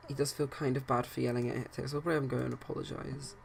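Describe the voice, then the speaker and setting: Gravelly-voiced man narrating a game. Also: mid-range voice, flat delivery, very fast. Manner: rambling, hesitant, many restarts. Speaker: let's play host. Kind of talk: casual game commentary and storytelling.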